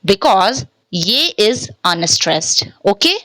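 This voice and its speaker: A woman's voice: medium pitch, very animated, slow pace, sharp tone, no room sound, low-quality recording. A woman teaching a language lesson from slides, speaking patiently, repeating words and checking in with "okay?", and switching between English and Hindi.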